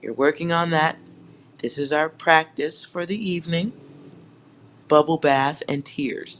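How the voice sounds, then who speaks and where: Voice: mid-range voice, normal speed, long pauses, slight background noise. A tarot reader giving a collective reading at home, speaking straight to viewers in a teasing, sarcastic way and laughing often.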